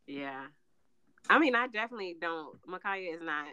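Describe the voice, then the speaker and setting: A woman with a fairly low voice for a woman hosting a casual podcast chat. She speaks calmly and steadily, filling in with soft "mm-hmm"s, and sounds dry and close on the mic. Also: clean tone, no room sound, dull audio. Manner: calm, steady, storytelling, with quick affirmations.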